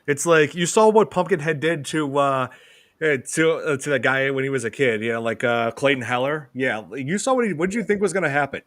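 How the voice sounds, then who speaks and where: A man's voice: medium pitch, a little fast, a bit bright, no echo, studio quality. A man hosting a casual horror film podcast, rambling with many fillers. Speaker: podcast host.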